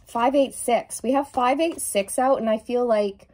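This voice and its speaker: Effusive woman giving a tarot reading. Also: fairly high pitch. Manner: effusive, emphatic, drawn-out key words; sings song lyrics softly at times. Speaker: tarot reader.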